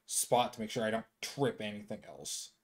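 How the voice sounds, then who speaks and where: A man's voice: on the low side, normal speed, a little hiss or hum. A man playing a tabletop game, chatting casually, rambling and restarting his sentences. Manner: rambling, restarting, animated when excited. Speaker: player.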